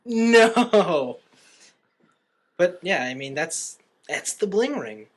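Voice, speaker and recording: Animated young man recapping a movie. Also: on the high side, a little slow. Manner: animated storyteller, acts out quotes. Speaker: podcast co-host. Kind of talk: casual film recap chat.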